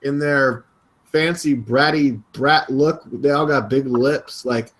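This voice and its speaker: A man co-hosting a live political web show, reading aloud and reacting with animated, incredulous exclamations. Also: mid-range voice, takes it slowly, poor audio. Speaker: co-host.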